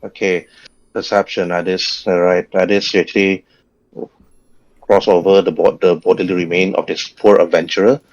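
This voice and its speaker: Low-voiced man running a tabletop game. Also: level tone, a little mellow, dull audio. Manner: descriptive, halting, repeats words. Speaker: dungeon master.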